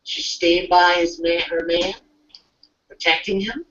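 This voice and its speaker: A young adult recapping an anime episode in a casual, excitable chat. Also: mid-range voice, a little slow, far from the mic, background noise. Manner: animated, excitable storytelling. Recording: muffled audio from off-mic.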